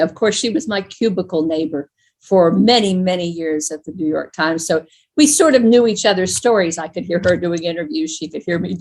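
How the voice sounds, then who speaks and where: An older woman moderating a panel discussion, speaking in a halting way with many fillers. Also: lowish voice. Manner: warm, halting, with many ums and uhs.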